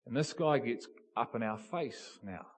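A man preaching a sermon, telling a story with animated build-ups and emphatic peaks. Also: medium pitch, unhurried. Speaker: pastor.

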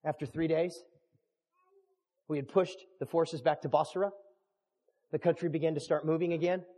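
Animated preacher in a reverberant hall. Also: male voice, fairly high pitch, moderate pace. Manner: animated preacher, swings from hushed to shouting. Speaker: pastor. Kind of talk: sermon storytelling.

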